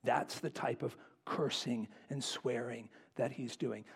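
Pastor guy preaching, acts out the quotes, gets real quiet for asides. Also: mid-range voice, steady tone, takes it slowly, gravelly, few pauses, slightly rough. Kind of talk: sermon.

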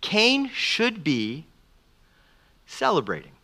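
With high pitch and an unhurried delivery, a middle-aged pastor preaches animatedly. He acts out the voices of those he cites.

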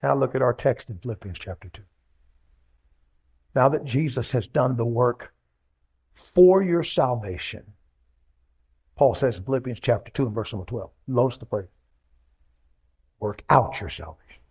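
A man's voice: mid-range voice, animated, normal speed, long pauses, a little mellow, breathy edge. A male pastor, preaching a sermon in a rhythmic style and calling for responses from the congregation.

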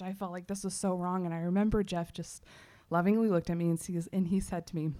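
She's from Texas, speaks at a quick pace in a mid-range voice, and delivers an animated testimony at church. Fillers and quoted self-talk run all through it.

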